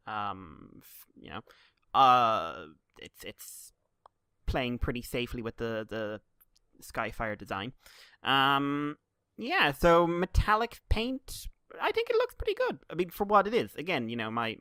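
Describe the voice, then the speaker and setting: Bright dry-sounding guy cohosting a podcast, joky and loose. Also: medium pitch, smooth, no room sound. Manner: joking, loose, with bursts of loud silly voices. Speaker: podcast co-host. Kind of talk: casual chat.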